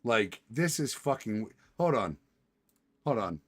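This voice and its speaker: A man's voice: mid-range voice, big pitch swings, unhurried, fairly bright tone, slightly rough. A male streamer doing a casual reaction stream, profane and exasperated, cursing and laughing often.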